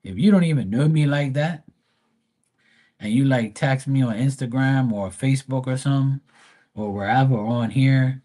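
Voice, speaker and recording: Blunt, husky-voiced man on a livestream. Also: medium pitch, moderate pace, mellow. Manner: blunt, profane, rambling storyteller. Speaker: live tarot reader. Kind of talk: casual livestream chat.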